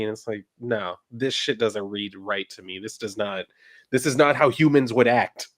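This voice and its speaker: A man's voice: on the low side, moderate pace. A man co-hosting a casual pop culture chat, heated and ranting, swearing freely. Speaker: podcast co-host.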